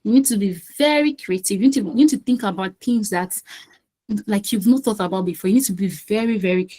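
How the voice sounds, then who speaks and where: A woman's voice: mid-range voice, a little fast, dark tone, low-quality recording. A woman running a quiz over a video call. She talks in a chatty, coaxing way and often repeats phrases. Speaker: quiz host and session facilitator. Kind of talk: casual online quiz session.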